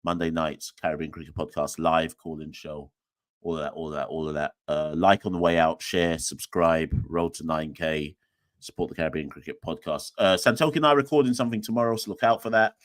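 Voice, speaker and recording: Deep-voiced, jokey man hosting. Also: brisk, no echo. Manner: rambling, jokey, self-mocking. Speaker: podcast host. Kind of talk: casual solo sign-off chat.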